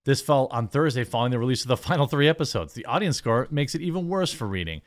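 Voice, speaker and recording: A man's voice: medium pitch, lively intonation, fast. An American man hosting a commentary show, ranting in a sarcastic, dismissive and rambling way. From United States. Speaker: host. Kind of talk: commentary rant.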